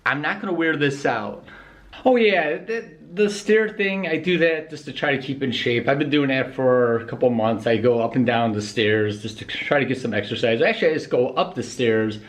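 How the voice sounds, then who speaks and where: A man's voice: medium pitch, moderate pace. A man vlogging casually as he walks around a city, chatty, rambling and self-mocking. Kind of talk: casual vlog chat. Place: outdoors in a city, walking about. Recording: noisy street recording.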